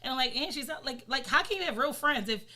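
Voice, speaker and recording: A woman on a casual podcast, talking in emphatic, profane, quick bursts. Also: high-pitched, lively intonation, bright, forceful tone. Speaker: podcast co-host.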